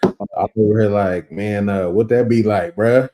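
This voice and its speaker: A man's voice: fairly low pitch, steady tone, a little slow, background noise. A man hosting a casual interview, asking loose, enthusiastic, rambling questions full of slang. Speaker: interview host.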